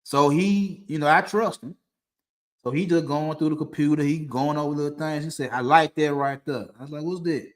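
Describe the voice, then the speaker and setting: Sitting in a dim room with a streaming mic, this podcast host tells a personal story casually to camera at a moderate pace. His voice sits on the higher side, and his delivery wanders, full of restarts and laughter.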